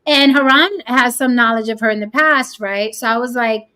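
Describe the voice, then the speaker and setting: A woman hosts a casual podcast, talking bluntly and swearing as she tells a story. Her voice is bright and a little sharp, sitting fairly high. She slips into quoted voices to make her point. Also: normal speed, few pauses, smooth. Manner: blunt, profane, animated storytelling. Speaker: host.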